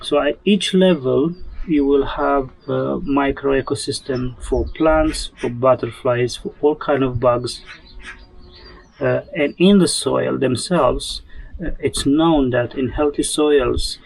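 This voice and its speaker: A man's voice: mid-range voice, slow, vocal fry, dry recording, low-quality recording. A man talking casually while sowing seeds in his garden, chatty and self-mocking, rambling as he goes. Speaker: homesteader vlogger.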